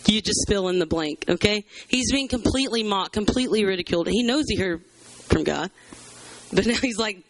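A man's voice: high voice, animated, fairly quick, dry recording. A man teaching a Bible study to a church group in a chatty, conversational way, with many fillers. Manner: conversational, chatty, fills with "you know" and "um".

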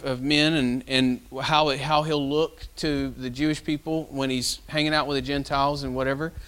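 Folksy, higher-voiced male preacher. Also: a bit bright, clean tone. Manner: folksy, conversational storytelling with fillers. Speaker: pastor. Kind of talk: sermon.

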